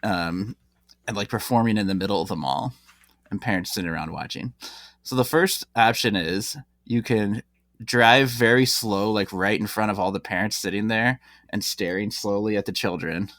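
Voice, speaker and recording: A man's voice: lowish voice, normal speed, fairly bright tone, dry recording. A man co-hosting a comedy podcast, telling stories loosely and laughing mid-sentence. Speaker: podcast co-host. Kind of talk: casual comedic chat.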